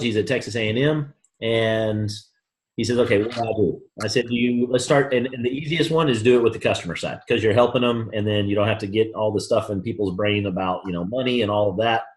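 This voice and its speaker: Animated man coaching in an echoey room. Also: lowish voice. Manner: animated storytelling, acts out both sides of conversations. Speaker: sales trainer. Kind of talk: motivational training talk. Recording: roomy echo.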